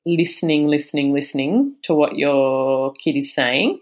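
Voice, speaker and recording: A woman's voice: deep voice, animated, measured pace, a little mellow. A woman, a mother and guest, talking candidly in a casual interview and acting out the voices she quotes.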